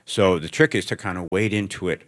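Middle-aged man, very low voice, a writer guest musing aloud to a student audience, loose and self-interrupting. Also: fairly quick. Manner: thoughtful, rambling, self-interrupting. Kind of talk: onstage interview before students. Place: lecture room with student audience.

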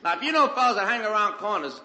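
A man's voice: high-pitched, very animated, fast. A man doing stand-up, telling a streetwise story and acting out the characters' lines. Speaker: stand-up comedian. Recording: roomy live stage recording with loud audience laughter. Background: audience laughter.

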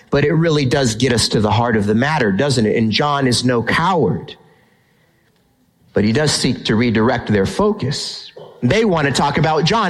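A male pastor preaching a sermon in an emphatic way, slowing down to stress key phrases. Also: mid-range voice, lively intonation, rough recording. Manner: emphatic, builds tension, slows down for key phrases.

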